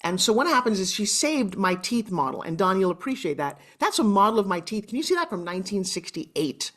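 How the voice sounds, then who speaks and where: A woman's voice: mid-range voice, very animated, brisk, a bit bright. Chatty, emotional Long Island woman in her sixties, guest telling her life story over a video call. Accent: Long Island New York. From Long Island, New York. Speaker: interview guest. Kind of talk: candid personal storytelling.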